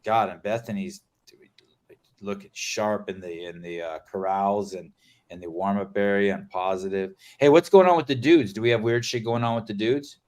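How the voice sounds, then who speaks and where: Guy hosting a podcast, kinda low voice, hyped up, swears a lot. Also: normal speed. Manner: excitable, swears, trails off into fillers. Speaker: podcast host. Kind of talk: casual podcast chat.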